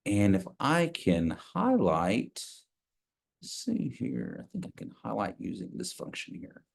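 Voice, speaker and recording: A man teaching a beginners' language class from an office over a video call, patient and slow when repeating phrases. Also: fairly low pitch, wildly swooping pitch, creaky.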